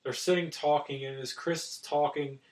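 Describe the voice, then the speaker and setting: A man recapping a film's plot on a podcast in an easygoing way. His voice sits slightly higher than average and sounds a bit distant from the mic. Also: normal speed. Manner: relaxed, plot-summarizing, brief interjections. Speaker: podcast co-host. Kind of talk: casual film discussion.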